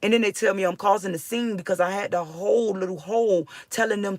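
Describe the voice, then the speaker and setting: A woman's voice: medium pitch, fast talker, a little mellow. A woman rants straight to her viewers, agitated and swearing, tripping over her words as she restarts sentences. The sound is dry and close, with no room echo. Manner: agitated, profane, rambling with restarts. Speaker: vlogger. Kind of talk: emotional personal venting.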